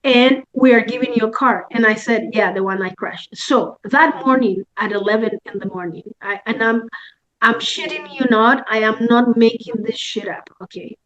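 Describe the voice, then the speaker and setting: An older woman telling a personal story on a video call, lively and candid, acting out the dialogue and swearing freely. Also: a little high, normal speed, dull audio, a crowd in the background. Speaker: guest speaker sharing a personal story.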